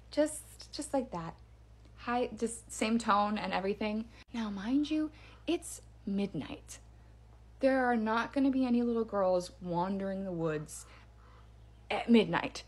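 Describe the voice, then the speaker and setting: A woman tells a spooky story in a casual, hushed way. She leans on drawn-out pauses for suspense. Her voice sits at an average pitch. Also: slightly rough. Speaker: storyteller in a social video clip.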